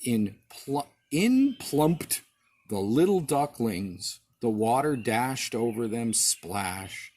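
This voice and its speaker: A man, a father, reading a storybook aloud to his child, expressive, with small slips and restarts. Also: medium pitch, slow pace, breathy edge.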